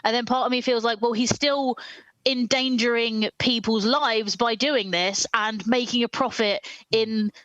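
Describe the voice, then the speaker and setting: A woman's voice: a little high, fairly even intonation, unhurried, fairly bright tone, dry recording, highs cut off. A woman on a comedy panel ranting with brash, sweary humor over a video call from home. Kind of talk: comedic rant on a live stream.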